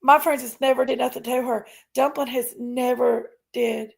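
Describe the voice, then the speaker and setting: A woman's voice: fairly high pitch, fairly even intonation, moderate pace, vocal fry. A woman hosting a casual livestream, ranting indignantly and emphatically while reading chat aloud. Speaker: live stream host.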